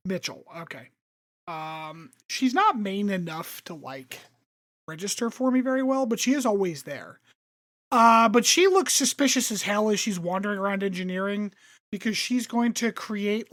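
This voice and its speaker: A woman's voice: mid-range voice, animated, moderate pace, no room sound, clean studio sound. A woman co-hosting a podcast, recapping an episode in a casual, chatty way with lots of fillers. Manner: chatty recap with lots of um and like, acts out characters' lines. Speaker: podcast co-host summarizing the episode. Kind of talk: casual chat.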